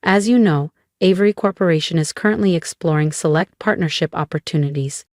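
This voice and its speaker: A man's voice: fairly high pitch, fairly quick, darkish tone, no echo, clean studio sound, close to an everyday voice. A woman voicing a dismissive older businessman uncle in a storybook narration, speaking coldly and condescendingly. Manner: cold, condescending.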